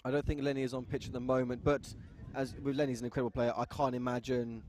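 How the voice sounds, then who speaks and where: A man's voice: mid-range voice, flat delivery, fast, a little mellow. A man doing live sports commentary, teasing his co-host with dry humor and banter.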